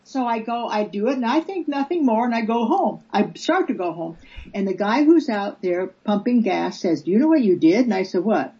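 A woman's voice: on the high side, lively intonation, moderate pace, a little mellow, husky, highs cut off. An older woman, a guest in a casual interview, telling stories earnestly and acting out the voices she quotes. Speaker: guest, peace activist.

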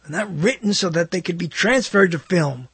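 A man's voice: high-pitched, expressive, normal speed, fairly bright tone, slightly rough, no room sound. A man hosting his own talk show, rambling through a casual monologue with many self-interruptions and wry asides. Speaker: host.

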